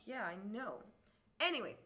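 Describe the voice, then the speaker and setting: A woman's voice: a little high, sing-song, moderate pace, sharp tone. An actress playing a flamboyant single woman who dramatically recounts a disastrous date on stage, swearing freely. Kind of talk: live stage comedy storytelling.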